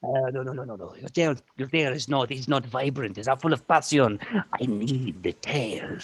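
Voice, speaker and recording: A man's voice: medium pitch, moderate pace, slightly rough, no room sound, natural voice. A man voicing a flamboyant, bossy male cat fashion designer who talks theatrically and drops in Spanish words. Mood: fussy.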